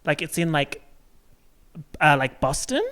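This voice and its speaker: Man, podcast guest, casual chat, lively pitch, bright tone, playful and jokey. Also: unhurried.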